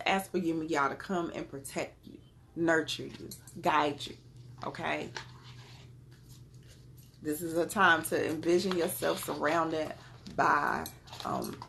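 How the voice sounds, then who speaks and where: Over slight background noise, a spiritual card reader speaks in a low, gravelly voice with a fairly bright tone. Doing an oracle card reading for her viewers, she mixes casual chatter with spiritual talk, warmly addressing them as beloved and encouraging them.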